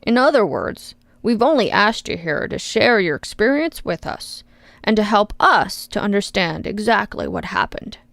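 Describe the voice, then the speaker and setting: A woman's voice: medium pitch, sing-song, normal speed, creaky, fairly bright tone, dry recording. A woman voicing an aging male congressman who sounds bored, mocking and falsely friendly in an audiobook. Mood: patronizing. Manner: faux-friendly, patronizing. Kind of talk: audiobook character voice.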